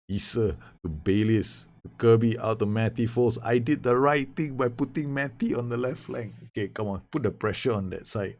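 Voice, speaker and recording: Gravelly, excitable man commentating his game. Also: fairly low pitch, moderate pace. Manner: excitable, swearing, talks to his players. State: nervous. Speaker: gaming YouTuber. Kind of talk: live gameplay commentary.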